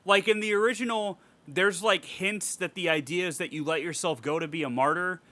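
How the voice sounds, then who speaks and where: Bright-voiced man ranting on a podcast. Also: sits high, brisk. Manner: animated, profane ranting with frequent laughs. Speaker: podcast co-host. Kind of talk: casual podcast film review.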